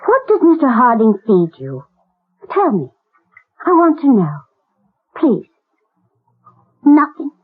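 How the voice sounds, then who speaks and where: An actress playing a gentle wealthy lady, speaking tenderly and pleading through tears, in a 1970s radio drama. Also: high voice, huge pitch swings, takes it slowly, long pauses, husky, heavily acted. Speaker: lady of the house. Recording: tinny old radio broadcast.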